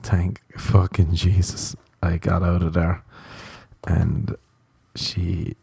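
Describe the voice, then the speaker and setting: Young guy doing a solo comedy podcast, low mellow voice, swears a lot, cracks himself up. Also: little pitch movement, takes it slowly, creaky, breathy edge. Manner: rambling, profane, laughs through his own stories. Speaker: podcast host.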